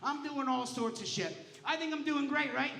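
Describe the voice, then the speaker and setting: A man's voice: extremely high pitch, normal speed, creaky, pushed and bright. A man doing a stand-up comedy set on a casino stage, telling stories in a brash, profane, punchy way. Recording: roomy casino showroom sound.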